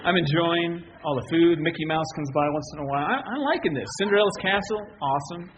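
A man's voice: on the high side, fast talker, highs cut off, noisy background, natural voice. A man voicing a contented male vacationer who refuses to leave, in a lazy, satisfied drawl, inside a sermon.

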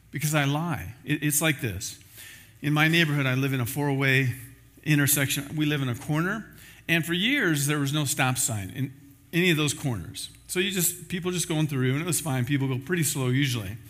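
A man's voice: a little high, a bit bright. A man preaching a sermon as pastor, in a conversational style with everyday examples.

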